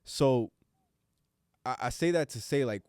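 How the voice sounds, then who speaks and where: An adult man with a young son co-hosts a casual podcast roundtable, speaking earnestly and reflectively and swearing casually now and then. His mid-range, darkish voice moves at a measured pace, in a dry, studio-quality recording.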